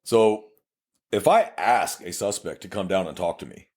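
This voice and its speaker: A man with a low voice speaks at a moderate pace as co-host of a relaxed podcast, drawing on his job as a police investigator. He tells plainspoken, blunt stories, acting out the exchanges with energy and letting the occasional curse slip.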